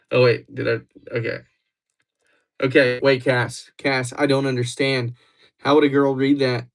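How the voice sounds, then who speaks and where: A man hosting a casual livestream, playfully teasing his viewers and quickly getting worked up as he chats with them. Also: medium pitch.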